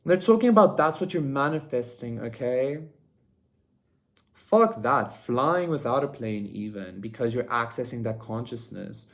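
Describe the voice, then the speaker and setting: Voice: mid-range voice, expressive, unhurried. Rambling casual tarot reader. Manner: rambling, many "like" and "okay?" tags, swears freely. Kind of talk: casual pick-a-card tarot reading.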